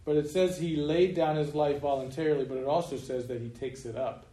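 A male pastor giving a sermon emphatically, slowing down to stress key points and chuckling at his own remarks. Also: a little high, fairly even intonation, mellow. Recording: roomy room echo, faint noise.

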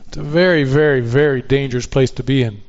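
A man's voice: mid-range voice, fast talker, darkish tone, highs cut off. A man preaching a sermon in an earnest tone, often asking rhetorical questions. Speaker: pastor.

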